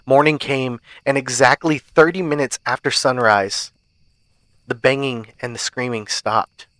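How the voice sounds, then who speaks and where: A podcast host tells a spooky first-person tale in a measured, suspenseful way. His voice sits at an ordinary middle pitch for a man. The recording is close and dry, with no room sound at all. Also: steady tone, a bit bright, dry recording. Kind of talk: reading a horror story aloud.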